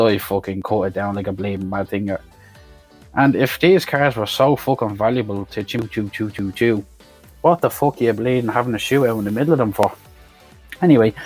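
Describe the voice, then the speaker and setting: A man's voice: lowish voice, darkish tone. A man giving a profane, mocking comic recap of a film as a reviewer. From Ireland. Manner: sweary, ranting, mocking.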